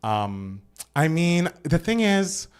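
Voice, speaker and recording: A young man co-hosting a live stream, gushing and animated as he chats about an awards show. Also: fairly high pitch, slow pace, clear, resonant tone. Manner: gushing, animated, reads out viewer comments. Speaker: podcast co-host. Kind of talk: excited live-stream chat.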